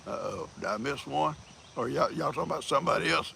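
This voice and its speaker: A man's voice: a little high, animated, fast, creaky, pushed and bright, slight background noise. An older man, hosting a casual livestream, folksy and teasing, laughing often as he greets viewers. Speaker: livestream host.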